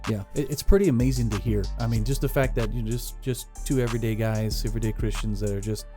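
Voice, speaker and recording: A man's voice: medium pitch, fairly even intonation, quick pace, music in the background. A man co-hosting a casual reaction chat, rambling and joking, often restarting his sentences. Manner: rambling, self-interrupting, joking. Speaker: co-host.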